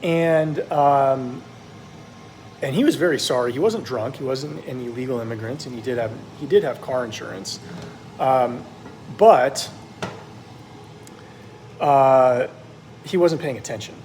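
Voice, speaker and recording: A cooking vlogger with a medium-pitched, slightly mellow voice talks casually at a measured pace while meat sizzles in his kitchen. He rambles with many ums and uhs and long pauses, and the rough recording has a little hiss or hum.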